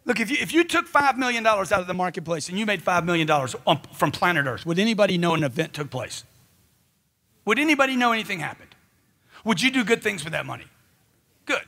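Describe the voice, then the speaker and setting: A man with a high, husky voice delivers a motivational seminar talk into a handheld mic. He drives his points home emphatically and fires off rhetorical questions at the crowd. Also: animated, fast talker, sharp tone. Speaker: motivational speaker.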